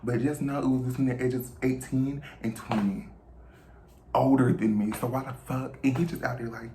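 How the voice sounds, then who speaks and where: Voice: medium pitch, steady tone, moderate pace, warm tone. Profane young gossiping storyteller, roomy sound. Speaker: vlogger. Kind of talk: casual storytime vlog. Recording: roomy room, faint noise.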